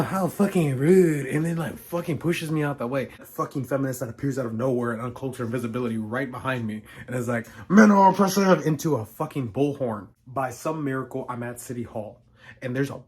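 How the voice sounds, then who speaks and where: A young man telling a storytime vlog with sarcastic, profane humor. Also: mid-range voice. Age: young adult. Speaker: vlogger.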